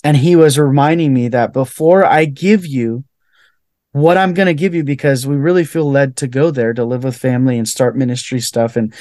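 A man's voice: medium pitch, normal speed, darkish tone, dry recording, studio quality. A young man, a podcast guest, sharing a heartfelt personal testimony with lots of "like" fillers. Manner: heartfelt, fills speech with "like". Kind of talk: earnest personal testimony in conversation.

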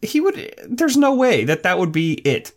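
A man's voice: high-pitched, normal speed. A man co-hosting a podcast, chatting animatedly about a TV episode and swearing freely. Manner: animated, profane, acts out quotes. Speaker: podcast co-host. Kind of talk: casual recap chat.

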